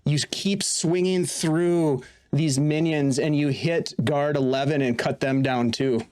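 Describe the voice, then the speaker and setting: A man narrating a tabletop game as game master in a casual, halting way, often restarting his sentences. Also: a little high, steady tone, darkish tone, clear, resonant tone, no echo, clean studio sound.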